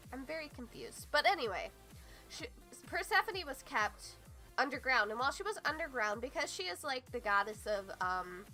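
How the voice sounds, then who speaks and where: A young woman with a fairly high, bright voice, musing out loud about game lore in loose, filler-packed chat. Faint music plays underneath her talk. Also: very animated, normal speed. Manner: rambling, filler-heavy, thinking aloud. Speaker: gaming theory YouTuber. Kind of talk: casual rambling commentary.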